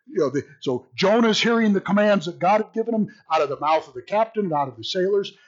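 A man teaching an informal Bible study in an animated, joking way, often repeating words as he thinks. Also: high voice, quick pace, dull audio.

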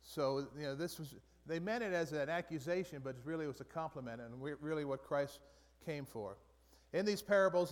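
A man with a slightly high voice leads a Bible study, talking casually and often circling back to repeat a point. The sound rings with a long reverb, as in a large hall. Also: fairly quick, hardly any pauses. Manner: conversational, with frequent restarts and repeated phrases.

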